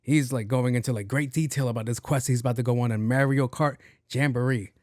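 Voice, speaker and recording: A man's voice: medium pitch, steady tone, brisk, a little mellow, dry recording, clean studio sound. A young man hosting a podcast, telling a story casually in a blunt, exasperated way with plenty of swearing. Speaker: podcast host.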